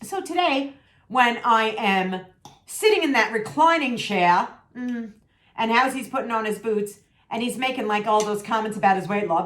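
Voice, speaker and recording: A woman's voice: mid-range voice, normal speed, a bit bright. Sassy woman venting in an echoey room. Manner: sassy, emphatic, repeats for emphasis. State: losing her voice. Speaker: vlogger. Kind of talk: candid venting vlog.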